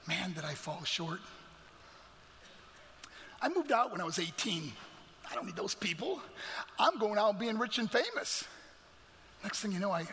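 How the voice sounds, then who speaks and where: Earnest guy speaker, high bright voice, long echoey hall, faint music. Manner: earnest, dropping to hushed near-whispers. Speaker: motivational speaker. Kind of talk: emotional personal storytelling talk.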